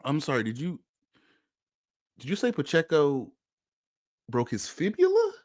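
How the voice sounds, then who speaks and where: Man, podcast analyst, slightly high, very lively pitch, flustered comic rambling, dry mic. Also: a little slow, no room sound. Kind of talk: comic sports podcast riff.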